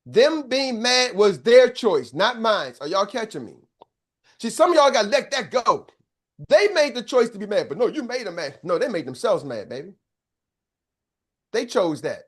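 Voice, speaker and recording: A man's voice: sits high, sing-song, moderate pace, a bit bright, husky. Older guy coach preaching business mindset, punchy and emphatic, keeps asking if folks are with him. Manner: emphatic, preacher-like, checks in with the audience. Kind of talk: motivational coaching talk.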